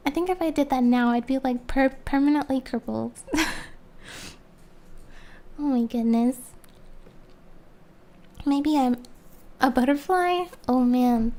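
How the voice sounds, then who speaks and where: Young female streamer, chatty and giggly, rambles while drawing; high, warm tone. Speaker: streamer and artist. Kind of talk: casual live-stream chat. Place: home, background noise heard. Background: faint lawnmower noise.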